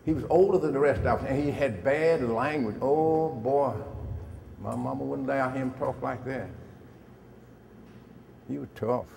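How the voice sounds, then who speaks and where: An older man visits a school as a guest speaker, telling his story to students in a folksy manner and putting questions directly to them. His medium-pitched voice is gravelly and darkish, moving at a moderate pace with long pauses. He speaks into a handheld mic in an echoey hall with faint noise.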